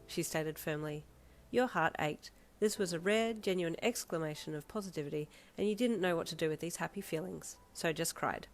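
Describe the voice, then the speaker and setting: A woman reading a fanfiction story aloud in second person, with calm, even storytelling. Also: on the low side, normal speed. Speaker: fanfiction reader.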